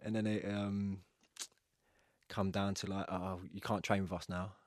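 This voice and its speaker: A man telling stories in a casual podcast interview, animated and swearing, acting out what others said. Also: low voice, unhurried. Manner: animated storyteller, acts out quoted dialogue, swears. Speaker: guest, retired footballer.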